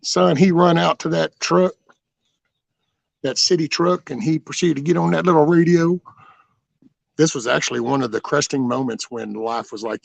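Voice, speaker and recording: A man's voice: fairly high pitch, normal speed, no echo. A middle-aged man telling stories from his own life in a blunt, rambling, profane way, full of restarts. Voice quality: gravelly, raspy voice. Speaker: channel host telling his life story. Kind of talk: casual storytelling.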